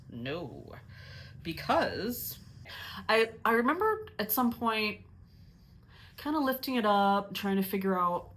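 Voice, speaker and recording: A woman's voice: mid-range voice, big pitch swings, measured pace, a bit bright. A woman hosting a knitting podcast, talking casually in a chatty, self-mocking, rambling way with many restarts. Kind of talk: casual chat.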